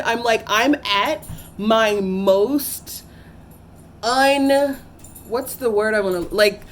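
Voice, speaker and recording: A young adult woman, a teacher, earnestly telling a personal story to camera, halting with fillers and restarts. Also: a little high, a little hiss or hum.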